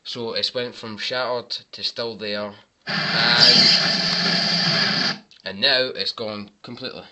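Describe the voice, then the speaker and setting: A man's voice: mid-range voice, steady tone, takes it slowly, heavy background noise. A man giving casual, wry commentary on film mistakes over clips, with sarcastic asides. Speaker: movie mistake reviewer.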